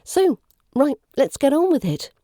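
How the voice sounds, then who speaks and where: A woman's voice: high-pitched, sing-song, measured pace, warm tone, dry recording, clean studio sound. A woman accent coach with an RP English accent, giving a scripted, playful lesson with careful enunciation.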